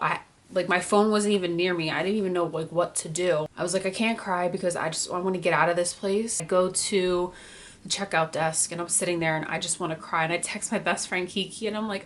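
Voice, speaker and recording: Young woman vlogger, early 20s, slightly low voice, candid and teary, filler-heavy storytelling. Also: fairly bright tone. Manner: candid, emotional, many filler "like"s. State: holding back tears. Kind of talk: personal storytime vlog.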